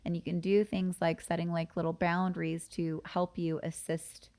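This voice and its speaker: A middle-aged woman therapist talks as a guest in an interview. Her voice sits slightly low for a woman, and she speaks frankly and emphatically, calling things as she sees them. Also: level tone, normal speed, a little mellow. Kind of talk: conversational interview.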